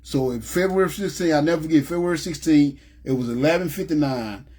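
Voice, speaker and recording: A man from Memphis telling his personal testimony in a rambling, animated way and often asking "you know what I'm saying". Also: fairly high pitch, a little fast, breathy edge. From Memphis, USA. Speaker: ministry speaker giving testimony.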